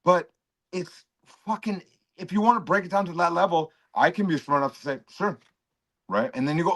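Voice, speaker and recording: An aggressive man rants and mocks in a heated livestream argument. His voice sits a little high and he swears constantly. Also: expressive, moderate pace, fairly bright tone. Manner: aggressive, profane, mocking. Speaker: stream guest. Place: home.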